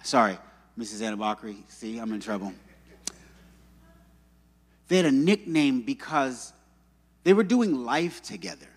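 A man preaching a sermon, telling stories and acting out quotes with animated delivery. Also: medium pitch, measured pace, pauses often. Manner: animated storytelling with acted-out quotes. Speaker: pastor. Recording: long reverb of a church hall.

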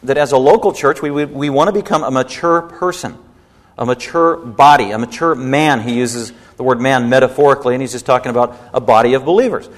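Man preaching in a reverberant hall. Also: a little fast. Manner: emphatic preaching, rising pitch when stirred. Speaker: pastor. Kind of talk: sermon.

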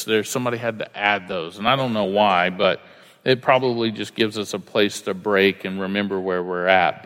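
A man's voice: fairly low pitch, fairly bright tone, in a large hall. A male pastor preaching a verse-by-verse sermon, earnest and repeating key lines for emphasis.

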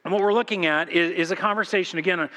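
A man's voice: high voice, fast talker. A man preaching a sermon as pastor, telling stories in an informal, joking way to his congregation. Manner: animated storytelling, informal and joking. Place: church sanctuary. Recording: long church hall reverb.

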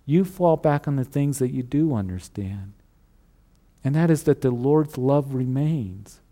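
Guy preaching a sermon, warm mellow voice, earnest, goes quiet on the big lines. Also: medium pitch, animated, unhurried. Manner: earnest preaching with repeated phrases, drops to a hush on key lines. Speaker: pastor.

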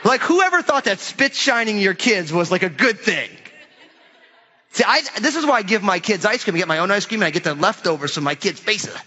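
A middle-aged man preaching a sermon, telling a story in an animated way and acting out the voices of its characters. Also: high-pitched, brisk, long reverb tail, dull audio. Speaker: pastor.

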